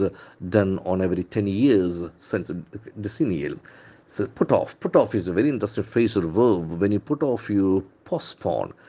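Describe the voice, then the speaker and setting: A man with an Indian English accent teaching vocabulary from the newspaper, repeating words slowly and spelling out their letters. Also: fairly low pitch, darkish tone. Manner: enthusiastic, calls words beautiful and brilliant. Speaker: English trainer.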